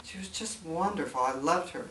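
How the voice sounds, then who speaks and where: An older woman speaking as guest at a writers' meeting, chatty and animated, acting out quoted voices as she tells stories. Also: lowish voice, normal speed. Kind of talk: casual storytelling talk. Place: meeting room. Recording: far-off mic in an echoey room with faint noise.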